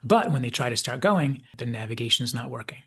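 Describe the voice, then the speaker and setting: A man delivers a measured, reflective commentary in a husky, slightly breathy voice at an ordinary male pitch. He walks through the ideas step by step, pausing to read quoted dialogue. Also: animated, fairly bright tone. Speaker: video essay host. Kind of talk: analytical commentary.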